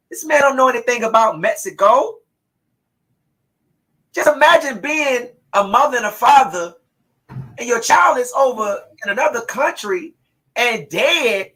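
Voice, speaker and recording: A woman hosting a live talk show, speaking with fiery anger and preaching hard at the people she blames, often rising to a shout. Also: lowish voice, lively intonation, unhurried, rough recording. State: angry. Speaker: host.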